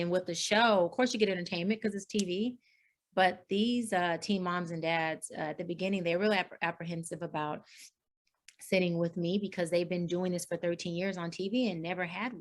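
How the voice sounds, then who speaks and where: A middle-aged woman life coach tells her story in an interview. She is earnest and expressive, and she acts out what others said in lively voices. Her voice sits slightly low, and her speech runs with fillers and restarts. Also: brisk.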